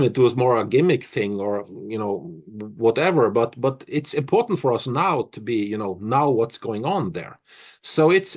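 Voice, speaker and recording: A middle-aged man from Norway, a musician answering interview questions in a reflective, halting way full of restarts. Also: mid-range voice.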